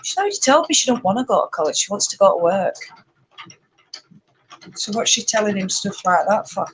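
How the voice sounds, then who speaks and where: Yorkshire lady chatting away while she spins, rambly, laughs lots, kinda loud. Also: mid-range voice, lively intonation, fairly quick, breathy edge, rough recording. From Yorkshire, England. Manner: talks loudly to be heard over her spinning wheel. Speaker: spinning channel host. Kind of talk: casual live-stream chat. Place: at home, spinning on a wheel.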